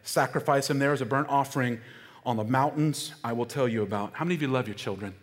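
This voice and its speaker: A man's voice: medium pitch, fast. A middle-aged male pastor preaching a sermon, stressing key phrases and calling on the congregation to repeat lines after him. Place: church sanctuary. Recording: long hall reverb.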